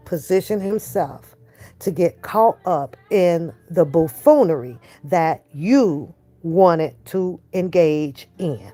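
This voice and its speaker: A woman's voice: on the low side, expressive, slow pace, dark tone, soft background music. An older woman hosting a reaction stream, trading blunt, profane trash talk and then cooing at her toddler grandson. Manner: switches to doting baby talk with a toddler. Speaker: reaction channel host. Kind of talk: casual livestream commentary.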